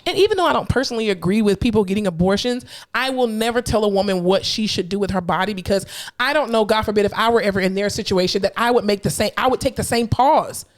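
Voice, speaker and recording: A woman's voice: mid-range voice, fast talker. A woman co-hosting a podcast in casual chat, telling stories with lots of swearing and acted-out quotes. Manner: animated storyteller, swears freely, acts out quotes. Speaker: podcast co-host.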